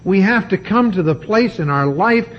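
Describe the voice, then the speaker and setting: A man preaching a sermon, emphatic and deliberate, with dramatic pauses. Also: sits high, lively intonation, highs cut off.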